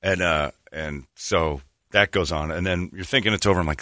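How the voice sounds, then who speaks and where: A young man with a low, forceful voice tells a story on a talk show. His delivery is sardonic and full of mocking asides. The sound is dry and close. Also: moderate pace, hardly any pauses, no echo. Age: young adult. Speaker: radio show co-host. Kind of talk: casual comedic chat.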